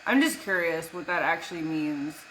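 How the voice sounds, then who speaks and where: Bright-voiced woman chatting with her live stream. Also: low-pitched, animated, normal speed, slight background noise. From United States. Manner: blunt, swears freely, talks to chat by name. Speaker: vlogger answering live chat. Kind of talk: casual live-stream chat. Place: at home.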